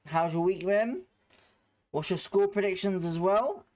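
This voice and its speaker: Excitable man hosting a football watchalong. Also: high-pitched, measured pace. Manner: excitable play-by-play, greeting chat viewers. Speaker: watchalong host. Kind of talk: live football watchalong commentary.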